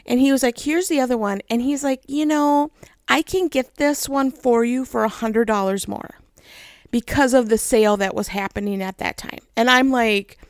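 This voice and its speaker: A woman's voice: on the high side, moderate pace, no room sound, studio quality. A young adult woman telling a long personal story in a chatty way, laughing often and acting out what people said. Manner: chatty, laughing, animated quoted voices. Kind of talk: casual storytelling.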